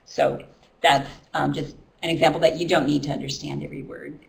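Speaking briskly in a low, gravelly voice with little pitch movement, a middle-aged ESL teacher presents a training workshop. Her delivery is loose and conversational, peppered with ums and restarts, and the mic catches her from a distance in the workshop room.

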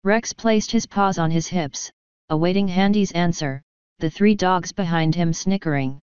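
A woman giving a steady, even fanfiction reading in a dull lo-fi recording. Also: fairly low pitch, measured pace, smooth, no echo. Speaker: story reader.

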